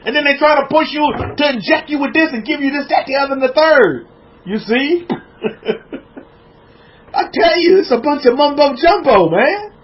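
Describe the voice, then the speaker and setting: A man's voice: extremely high pitch, lo-fi sound. An American man preaching casually to a livestream audience, reading out viewers' comments and repeating his words as he builds up his points. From United States. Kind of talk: informal sermon with chat shout-outs.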